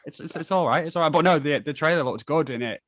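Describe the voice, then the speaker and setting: A man's voice: a little high, fast talker, fairly bright tone, no echo. A man in a casual livestream chat, talking hesitantly with many stammered restarts.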